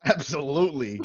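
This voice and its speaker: A man's voice: a little high, fairly bright tone, highs cut off, slight background noise. A man co-hosting a podcast in casual chat, laid-back and laughing at his own jokes. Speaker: podcast co-host.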